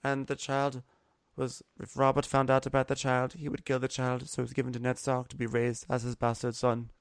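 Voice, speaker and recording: A man's voice: medium pitch, monotone, fairly quick, clear, resonant tone, no room sound, pitched above the performer's own voice, lightly acted. A man doing a whiny, earnest Jon Snow. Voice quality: whiny, pleading.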